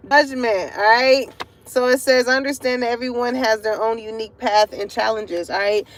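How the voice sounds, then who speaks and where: A woman giving a casual tarot reading to her viewers from a parking lot, chatty and profane, breaking into laughter often. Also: fairly high pitch. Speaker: tarot card reader.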